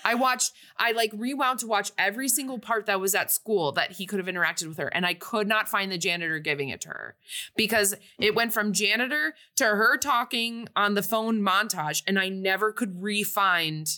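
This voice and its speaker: In a casual movie recap chat, a young woman co-hosting a podcast rambles through the plot with plenty of fillers. She has a medium-pitched voice, pushed and bright, at a normal speed.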